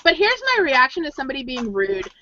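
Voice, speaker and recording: A woman's voice: high voice, big pitch swings, quick pace, bright, forceful tone. A woman co-hosting a casual chat, telling stories and acting out the voices of people she quotes. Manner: chatty storyteller, acts out quoted voices. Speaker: podcast co-host. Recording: dull lo-fi audio.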